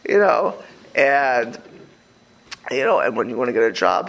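A man's voice: mid-range voice, lively intonation, normal speed, gravelly, a bit bright, poor audio. A man talking casually and animatedly, rambling through many fillers and restarts. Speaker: speaker. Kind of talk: casual talk on religious community life.

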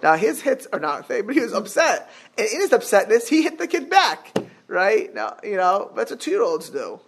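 A man's voice: high-pitched, wildly swooping pitch, normal speed, a bit bright, a little hiss or hum. A man giving a religious lecture as a Torah teacher, talking animatedly with many restarts and Hebrew terms, and breaking into sudden exclamations.

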